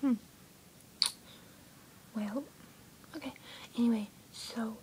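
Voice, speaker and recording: Teen girl whispering into her webcam, slow and rambly, kinda high voice. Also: fairly even intonation, warm tone, slight background noise. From USA. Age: teens. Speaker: vlogger. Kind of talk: whispered casual vlog. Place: bedroom.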